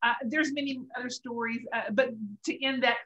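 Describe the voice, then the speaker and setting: On poor audio, a middle-aged co-host of a faith talk show shares a personal story with earnest emotion, laughing through tears at moments. She speaks on the high side, a little fast, with a steady, sharp tone.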